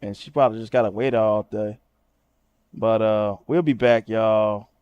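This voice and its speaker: A man hosting a livestream, roasting someone loudly and profanely, jumping into shrieking high tones to mock and often asking "you know what I'm saying". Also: steady tone, moderate pace, clean tone, dull audio. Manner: loud mocking roasting with shrieking high jumps. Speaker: livestream host. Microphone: streaming setup at a computer.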